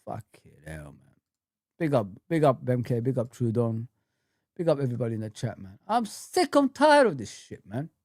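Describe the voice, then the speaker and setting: A man's voice: medium pitch, very animated, fairly quick, darkish tone, dry recording, clean studio sound. A man hosting a football fan livestream, ranting heatedly with lots of swearing and repetition, then chatting with viewers. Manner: heated, swearing, repeats himself. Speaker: football fan channel host. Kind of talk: livestream rant and chat.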